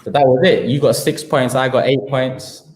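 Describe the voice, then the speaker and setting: A man's voice: medium pitch, steady tone, moderate pace, darkish tone, a little hiss or hum. A man with a London accent hosting a live football talk show, slangy and heated as he piles up his points. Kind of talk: live-stream football rant. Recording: echoey room.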